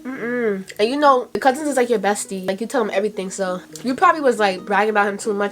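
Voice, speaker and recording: A woman's voice: mid-range voice, quick pace, few pauses. A young woman from Brooklyn with a Brooklyn New York accent, chatting casually and giggling a lot as she reacts on her vlog. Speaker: vlogger. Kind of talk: casual chat.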